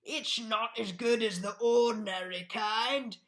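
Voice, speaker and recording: A woman's voice: a little high, lively intonation, drawn-out words, bright, forceful tone, heavily acted. A woman doing a grumpy, complaining old man. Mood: grumbling. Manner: fussy and complaining.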